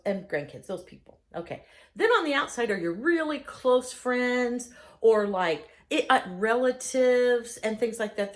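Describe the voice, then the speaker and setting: A middle-aged woman delivers a humorous advice talk in a higher than usual, very animated voice. She is chatty and pokes fun at herself, and she slips into little voices for the people she quotes. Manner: chatty, self-mocking, acts out quoted people. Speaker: speaker giving advice.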